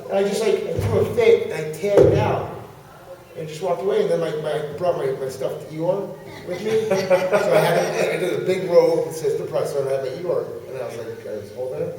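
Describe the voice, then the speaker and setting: A man with a fairly high voice tells an animated wrestling story and laughs along as he goes. He sounds far from the mic, in a big, echoey convention hall with a long reverb tail. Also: fairly quick. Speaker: pro wrestler guest.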